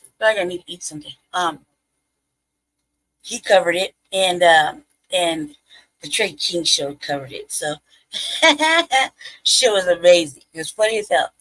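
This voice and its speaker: A woman's voice: fairly low pitch, lively intonation, unhurried, long pauses, fairly bright tone, low-quality recording. A woman hosting a live stream in casual commentary, chatty, laughing often and trailing off mid-thought.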